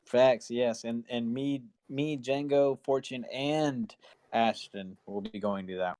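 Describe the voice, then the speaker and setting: Joking podcast co-host, dry close sound. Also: male voice, mid-range voice, slow pace, darkish tone, dry recording. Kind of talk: casual podcast chat.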